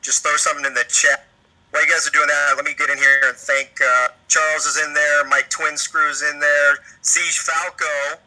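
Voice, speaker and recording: Upbeat male co-host, bright tinny old-radio sound. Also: fairly high pitch, flat delivery, moderate pace. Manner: upbeat, calls viewers "bro", reads chat names. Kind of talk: casual livestream chat.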